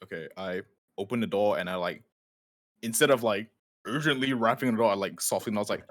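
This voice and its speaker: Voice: sits low, brisk. A tabletop game player describing their character's actions in a casual, chatty way. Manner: giggly, chatty.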